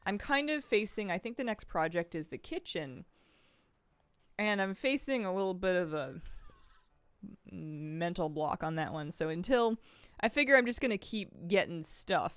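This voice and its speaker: A woman's voice: lowish voice, a bit bright, no room sound. A woman from the Pacific Northwest streaming a game, chatting casually and rambling, with a slight lisp and frequent sighs. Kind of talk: casual chat while gaming.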